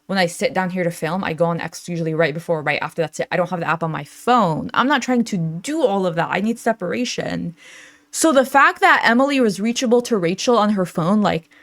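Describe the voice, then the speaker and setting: A woman's voice: fairly low pitch, brisk, fairly bright tone, dry recording. A young adult woman hosting a reaction channel, talking casually with lots of fillers and frequent laughs as she reads out chat messages.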